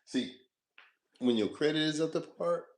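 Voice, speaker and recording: A man's voice: on the high side, animated, unhurried, roomy sound. A man vlogging in a loose, profane, rambling monologue, repeating himself, laughing often and talking straight to the viewer. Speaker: food vlogger.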